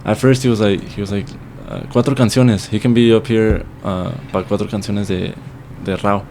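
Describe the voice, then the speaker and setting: A young man with a low voice tells a long, rambling story on a podcast, swearing often and slipping into Spanish now and then. There is faint ambient noise under his voice. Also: fairly even intonation, normal speed, darkish tone. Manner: rambling, swears freely, mixes in Spanish phrases. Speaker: podcast guest. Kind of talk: casual storytelling chat.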